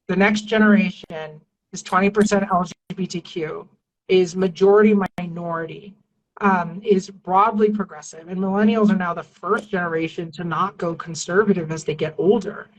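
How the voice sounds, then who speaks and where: Earnest woman guest with a low voice. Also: steady tone, moderate pace, low-quality recording. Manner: earnest, reassuring, frequent fillers and restarts. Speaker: civil rights attorney and activist, guest. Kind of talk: casual interview talk.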